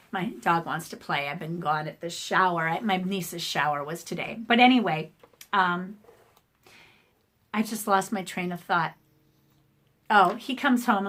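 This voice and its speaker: A middle-aged woman talking casually to the camera in a personal vlog, her voice going hoarse, emotional and rambling with many ums and restarts. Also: medium pitch, a bit bright. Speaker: art channel host. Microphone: camera facing the speaker.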